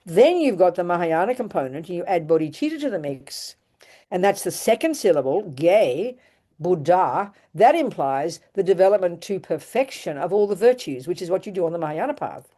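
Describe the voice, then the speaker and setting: Speaking at a moderate pace in a lowish voice, an elderly Buddhist nun with an Australian accent delivers an animated dharma talk. She's emphatic and keeps starting over and repeating phrases.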